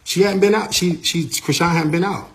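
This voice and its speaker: A man, an artist's manager, recounting a backstage incident in a lively, casual way, repeating himself and using slang. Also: sits high, normal speed. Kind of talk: animated storytelling.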